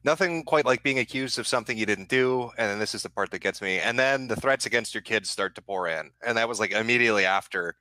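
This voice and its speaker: A man's voice: on the low side, fast talker, few pauses, sharp tone, no echo. A man hosting a live stream, grilling a guest in a sarcastic, mocking and profane way. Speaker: stream host. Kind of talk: confrontational live-stream talk.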